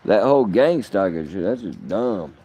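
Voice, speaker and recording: Low-voiced man ranting profanely. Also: sing-song, moderate pace, warm tone, slightly rough. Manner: profane, rambling, swings between muttering and outbursts. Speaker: vlogger. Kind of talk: rambling vlog monologue.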